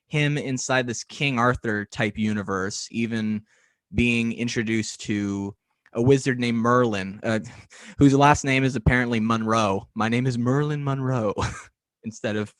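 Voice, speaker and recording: A man's voice: mid-range voice, a little slow, a bit bright, no echo. Male podcast host, chatty and rambling, dry video-call audio. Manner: rambling, lots of ums and small laughs. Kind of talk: casual interview chat.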